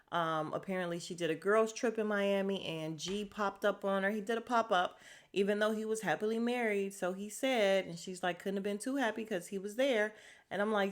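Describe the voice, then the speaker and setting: A woman hosting a casual solo podcast, recapping a reality show bluntly and profanely, acting out quoted lines in a raised voice. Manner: blunt, profane, animated asides; acts out quoted lines with sharp pitch jumps.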